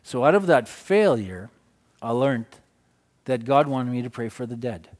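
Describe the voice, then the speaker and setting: A middle-aged man, preaching a sermon as he tells a story, swinging from loud exclamations to hushed passages. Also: mid-range voice, animated, a little slow.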